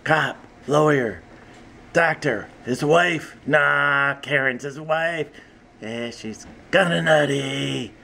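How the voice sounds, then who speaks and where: A man with a Southern US accent, chatting casually behind the scenes of his puppet videos, rambling and unhurried. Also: on the high side, creaky, sharp tone.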